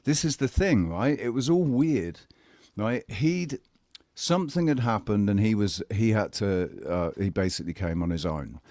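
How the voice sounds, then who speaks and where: A man's voice: on the low side, expressive, warm tone, no echo, clean studio sound. A man telling a personal story in casual chat, blunt and candid, swearing and often restarting his sentences. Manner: halting, with frequent restarts.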